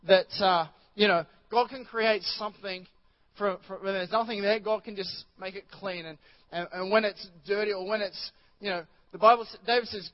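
High-voiced, rambling preacher man. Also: fairly even intonation, normal speed, lo-fi sound. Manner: chatty, rambling, with many restarts and asides to the congregation. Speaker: pastor. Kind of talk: sermon. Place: church.

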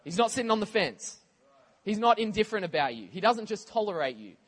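A man preaching a sermon in a conversational, animated way, with casual asides to the congregation. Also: sits high, brisk, breathy edge.

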